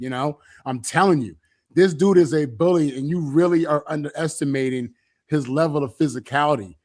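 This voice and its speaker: A man on a sports talk panel, forcefully repeating his point in disagreement. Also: a little high, moderate pace.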